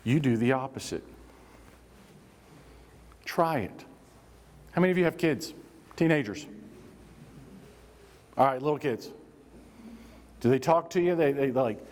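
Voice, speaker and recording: A man teaching a room full of staff, loose and conversational, tossing questions to the crowd and acting out little scenes. His voice sits at an ordinary middle pitch. The sound rings out with a long hall reverb. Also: lively intonation, a little slow, long pauses, a little mellow. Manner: conversational, engages audience with prompts and acted examples. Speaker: workplace safety trainer. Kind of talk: live training workshop talk.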